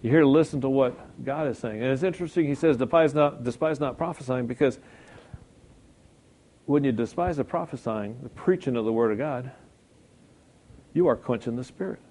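A man's voice: medium pitch, normal speed, pauses often, a little mellow. A middle-aged male pastor preaching a sermon in a conversational way, often checking in with the congregation.

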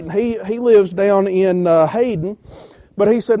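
Man, preacher, sermon testimony, high voice, mellow tone. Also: moderate pace. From Georgia. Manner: storytelling with many quoted exchanges, rising intensity when quoting others. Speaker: church-planting preacher.

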